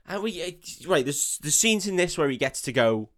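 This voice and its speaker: A man's voice: on the high side, very animated, fairly bright tone. A man co-hosting a casual podcast, sweary and laughing as he recaps a film and acts out its lines. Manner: sweary, laughing, acts out scenes in quick quoted voices. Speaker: podcast co-host.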